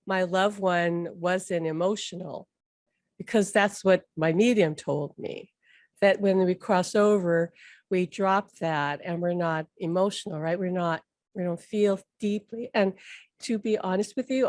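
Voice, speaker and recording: Woman just chatting away, lots of likes and little laughs, mid-pitch, super dry sound. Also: measured pace, a little mellow, no echo. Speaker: host. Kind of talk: casual spoken talk.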